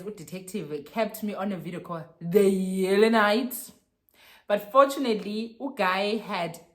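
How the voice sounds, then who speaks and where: Young woman, South African accent, casual story vlog, lively, laughs a lot. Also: on the low side. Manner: animated, mixes English and Xhosa slang, laughs often. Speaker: vlogger.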